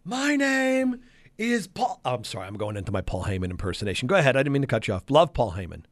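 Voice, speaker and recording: A man hosting a sports radio show, chatting casually with animated, exasperated asides in a radio studio. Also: lowish voice, racing, no echo.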